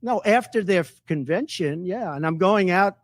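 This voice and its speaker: A man's voice: high-pitched, lively intonation, normal speed, no echo. A man running for office, answering reporters' questions at a press conference in a boastful, repetitive and emphatic way. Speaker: political candidate at a press conference.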